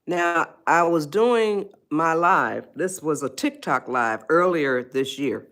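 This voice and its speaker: A woman's voice: sits low, lively intonation, slow, fairly bright tone. A woman hosting a casual live stream, chatting with viewers and coaxing them to reply. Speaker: livestream host, life coach.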